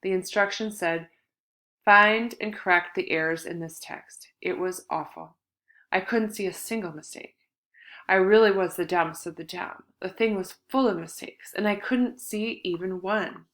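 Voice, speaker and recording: A woman's voice: mid-range voice, moderate pace. A woman reading a first-person novel as an audiobook, in an earnest, confiding storytelling manner. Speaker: audiobook narrator.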